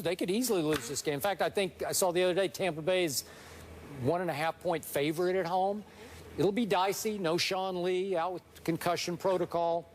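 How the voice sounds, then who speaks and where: A man co-hosting a sports debate, arguing in a dry, measured way. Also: high voice, slight background noise.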